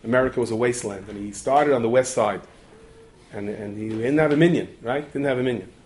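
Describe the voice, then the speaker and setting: Fast-talking storytelling preacher, man. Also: medium pitch, darkish tone, slight background noise. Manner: rapid, digressive, with repeated restarts and asides. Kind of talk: storytelling sermon.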